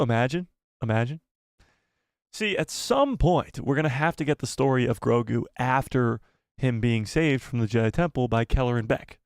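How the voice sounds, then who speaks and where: A man hosting a casual live stream, talking with excitement and thinking aloud as he rambles. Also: medium pitch, dry recording, studio quality.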